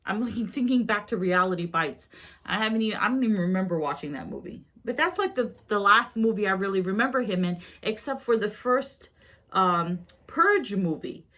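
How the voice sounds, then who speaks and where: A woman's voice: mid-range voice, animated, brisk, a bit bright. A woman vlogger chatting casually to her viewers about her shopping haul, rambling with asides and questions to them.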